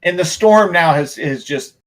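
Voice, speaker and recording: A man running a tabletop role-playing game as game master, describing scenes in an animated way and often repeating words. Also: a little high, a little slow. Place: home streaming setup.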